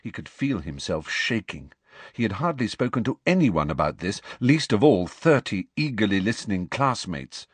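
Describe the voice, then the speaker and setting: A man narrating a novel in an expressive, dramatic storytelling manner. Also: on the low side, moderate pace, breathy edge, no echo. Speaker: audiobook narrator.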